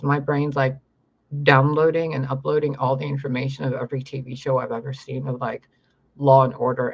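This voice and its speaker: A man's voice: medium pitch, husky, highs cut off. A young man talking in a rambling, profane monologue to camera about his spiritual visions. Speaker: spiritual vlogger.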